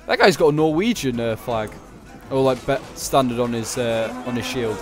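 A man's voice: medium pitch, animated, moderate pace, music in the background. A man giving casual, chatty commentary over a strategy game battle, thinking aloud with many fillers and restarts. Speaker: gaming commentator.

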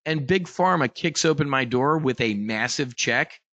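Brief: a bright, forceful male host, brash and profane, pitching stocks in a dry close sound. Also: lively intonation, normal speed, no room sound, dull audio. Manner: brash, profane, emphatic salesman. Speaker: trading show host. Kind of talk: hyped investing pitch.

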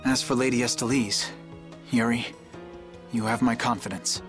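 An actor playing a formal, dutiful young knight. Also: male voice, mid-range voice, steady tone, music in the background, close to an everyday voice. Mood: earnest. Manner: formal, measured. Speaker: game character.

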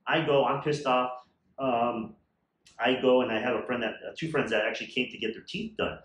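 A man's voice: medium pitch, a little fast, fairly bright tone. A man telling a story in a casual chat, blunt and irritated, and swearing freely. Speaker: vlogger sharing a surgery trip story. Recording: echoey room with faint noise.

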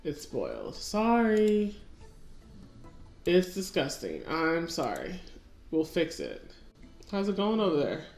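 A woman's voice: fairly low pitch, wildly swooping pitch, takes it slowly, gravelly, pauses often, a little mellow. A woman casually commenting on her gameplay and talking to her characters. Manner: chatty, talks to her game characters. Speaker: let's-play gamer. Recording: echoey room with faint music.

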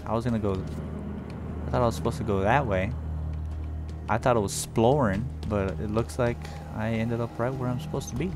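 A man hosting a gaming channel, talking casually as he plays and breaking into loud exclamations and slang. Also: mid-range voice, fairly even intonation, moderate pace. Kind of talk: casual gameplay commentary. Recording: loud game music behind the voice.

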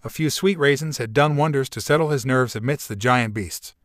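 Guy reading fanfic out loud, steady and even, super dry sound. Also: medium pitch, fairly quick, no room sound. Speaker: narrator. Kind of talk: scripted fanfiction narration.

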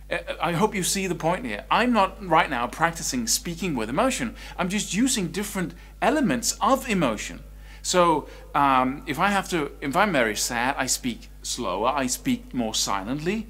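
A man teaching an online guitar lesson, explaining expression in a lively, conversational way. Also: a little high, breathy edge. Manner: animated, swings between quiet and loud speech to demonstrate.

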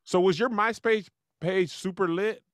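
A man hosting a casual podcast chat, teasing his co-hosts in a playful, lively way. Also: high-pitched, measured pace, dry recording, clean studio sound. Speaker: podcast host.

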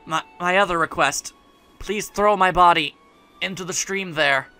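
A man voicing a dying woman rebel leader, calm and resolute, in a quiet, measured, solemn read. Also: high voice, clean tone, soft background music, exaggerated voice. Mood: solemn, resigned.

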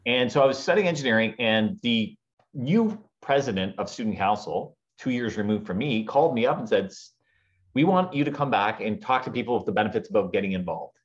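A man in his forties, a guest on a business podcast, telling his story with lively acted-out quotes. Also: fairly low pitch, a little fast. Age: 40s. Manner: animated storyteller acting out quoted voices. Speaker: guest speaker. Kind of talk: storytelling interview. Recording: dull lo-fi audio.

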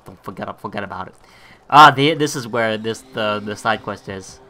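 A man's voice: on the low side, moderate pace, pushed and bright. A young man giving casual let's-play commentary, laughing and swearing freely as he plays. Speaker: gameplay commentator.

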